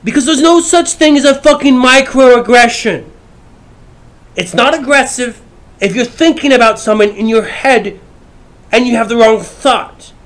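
A man's voice: very high voice, unhurried. Brash, profane man ranting. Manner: profane, brash, swings between shouting and mumbling. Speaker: YouTuber. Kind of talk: casual ranting monologue.

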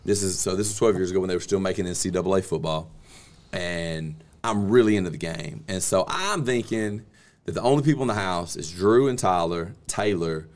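A man, hosting a podcast and telling a story in a lively, laughing way that bursts into yelling. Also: low voice, a little fast. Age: 30s. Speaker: podcast host. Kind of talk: casual storytelling chat.

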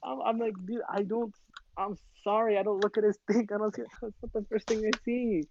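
A man's voice: high-pitched, flat delivery, fairly quick, dull audio, background noise. A man co-hosting a podcast, casually telling stories and acting out what others said. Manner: storytelling, mimics others in quotes. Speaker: podcast co-host. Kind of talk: casual chat.

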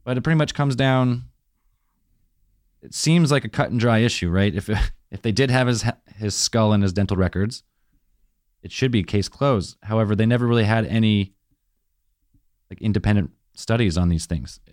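A man with a fairly low voice in a casual podcast chat. He asks questions and lays out theories step by step. The sound is dry and close to the mic. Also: normal speed, long pauses, a little mellow, dry recording. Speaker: podcast co-host.

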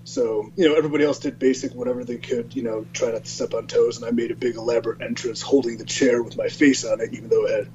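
A man in his thirties, a podcast guest, telling a story in a relaxed, self-mocking way and laughing often. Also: medium pitch, fast talker, few pauses. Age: 30s. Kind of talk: casual podcast chat. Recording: slightly dull sound with faint hum.

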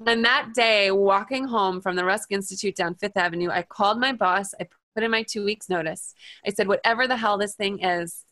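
A woman's voice: mid-range voice, a little fast, few pauses, a bit bright, dry recording. Woman in her 30s telling a wild story on a podcast, acts out the quotes, laughs a lot, dry close mic. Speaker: hypnotherapist, guest. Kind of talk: storytelling interview.

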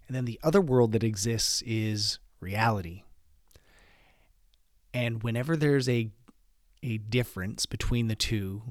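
Male podcast host, lowish voice, dry close sound, earnest solo delivery built on rhetorical questions. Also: dry recording. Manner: earnest, asks listeners many rhetorical questions.

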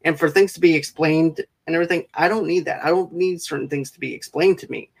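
A man hosting a casual interview, talking in quick, enthusiastic bursts and often speeding up. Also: fairly high pitch, steady tone, creaky, breathy edge. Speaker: interview host.

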